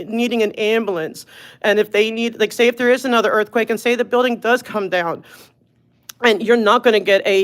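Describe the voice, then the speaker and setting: A woman from Los Angeles giving an earnest public comment at a city meeting, choked up and pleading with the commissioners. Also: a little high.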